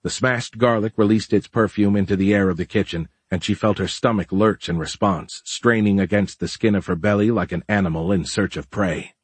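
A man narrating an audiobook in a steady, even-paced way. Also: on the low side, a little fast, few pauses, husky, no room sound.

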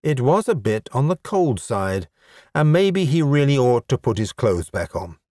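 Slow, wry male audiobook narrator. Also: medium pitch, very animated, darkish tone, no echo, clean studio sound. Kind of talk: scripted narration.

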